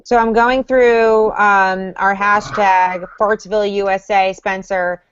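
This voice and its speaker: A woman's voice: medium pitch, steady tone, takes it slowly, a little hiss or hum. Chatty woman hosting a lo-fi call. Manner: chatty, leads the talk, restarts often. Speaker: livestream co-host. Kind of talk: casual group chat about a reality show.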